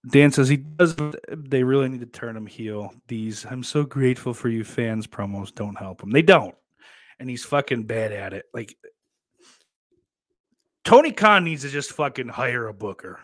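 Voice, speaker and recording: A man's voice: medium pitch, lively intonation, unhurried, no echo. Young guy streamer, swears a ton, rambly and blunt, right up on the mic. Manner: blunt, profane, rambling with restarts and laughs. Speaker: streamer reading chat. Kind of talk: casual profane live-stream chat about wrestling. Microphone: desk mic close up.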